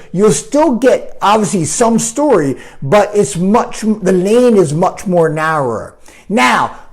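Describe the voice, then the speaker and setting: Animated male life coach, lively pitch. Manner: animated, keeps asking "right?", acts out quoted voices. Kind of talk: live coaching talk answering viewer comments.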